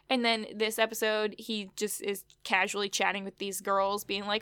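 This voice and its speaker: A woman's voice: medium pitch, little pitch movement, normal speed, few pauses, a bit bright, clear, resonant tone, no echo. A woman co-hosting a casual chat, recapping an episode with wry asides and lots of fillers. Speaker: podcast co-host.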